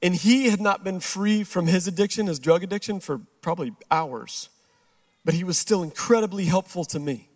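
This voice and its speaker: A middle-aged male pastor giving a sermon, telling a personal story and acting out the dialogue, dropping quiet and slow for the serious moments. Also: high voice.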